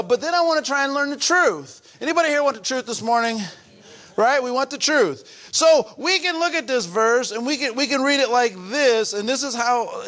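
Male pastor, very high voice, earnest sermon delivery that swells into emphatic bursts. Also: fairly bright tone. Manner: earnest, repetitive, building to emphatic outbursts. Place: church.

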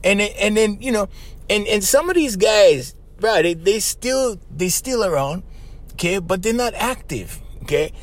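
A man's voice: high voice, measured pace. A middle-aged man with a Hawaiian accent, hosting a podcast and telling stories in a casual, streetwise way that keeps calling out to his listeners. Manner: animated, streetwise, addresses listeners as "bro". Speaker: podcast host. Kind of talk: casual storytelling.

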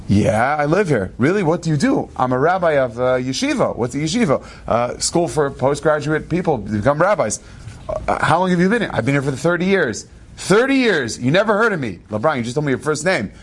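A man telling an inspirational story in an animated, quick way, with asides and laughs. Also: mid-range voice, husky. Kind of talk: storytelling talk.

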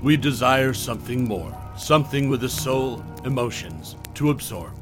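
A man's voice: mid-range voice, lively intonation, moderate pace, over music, lightly acted. A man voicing a hungry talking garden with a slithery, quivering, pleading voice in a horror story.

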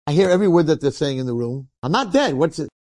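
A man's voice: on the high side, rapid-fire, dark tone, no echo, studio quality, close to an everyday voice. A rabbi voicing a panicked young man. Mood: pleading. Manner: pleading, urgent.

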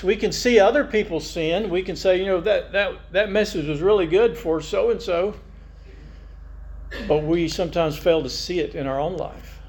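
A man's voice: high-pitched, darkish tone. A male pastor preaching a conversational sermon, reading scripture aloud and musing over it.

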